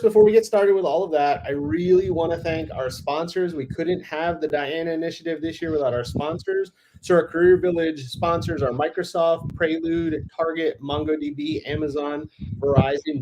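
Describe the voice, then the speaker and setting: A man's voice: fairly high pitch, dark tone. A man hosting an interview, friendly and enthusiastic as he introduces and questions his guest. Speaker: interviewer and host. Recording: noisy background hiss.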